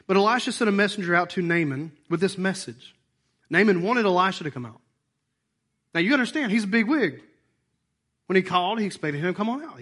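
Male pastor, hoarse and animated, high-ish voice, preaching to his church. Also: a little fast, long pauses. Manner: animated, acts out voices and asides. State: hoarse, voice worn out. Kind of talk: sermon.

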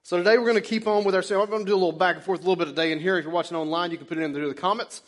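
A man's voice: high-pitched, steady tone, rapid-fire, faint music behind. A male pastor preaching in a casual, conversational way, telling a personal story and drawing the congregation into back-and-forth. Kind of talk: sermon. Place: church sanctuary.

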